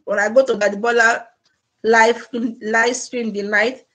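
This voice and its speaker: A woman's voice: fairly high pitch, steady tone, measured pace, a bit bright. A woman hosting a casual live stream, chatty and laughing often as she greets viewers by name. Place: home in Germany.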